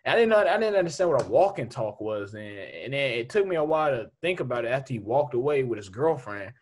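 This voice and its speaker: Husky, lively young man telling stories. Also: mid-range voice, fast. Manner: animated storyteller, laughs often. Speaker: podcast co-host. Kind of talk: casual chat.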